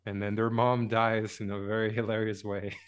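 A man walks through a movie plot in a loose, rambling way, with lots of pauses and fillers. He sounds hesitant and casual, with a voice in the middle range. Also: fairly low pitch, level tone, a little hiss or hum. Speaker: podcast co-host. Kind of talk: casual movie review chat.

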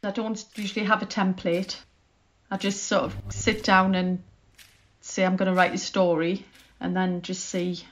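A woman's voice: lowish voice, flat delivery, moderate pace, a little hiss or hum. A woman writer talking as a podcast guest in a chatty, self-deprecating way. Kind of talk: conversational interview.

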